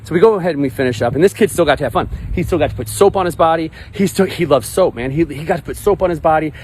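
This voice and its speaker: A man's voice: fairly high pitch, racing, a little mellow. A man in his forties, a life coach, talking to camera outdoors by a pond in a blunt, emphatic, repetitive way, with some swearing. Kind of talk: motivational vlog monologue. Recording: outdoor traffic noise.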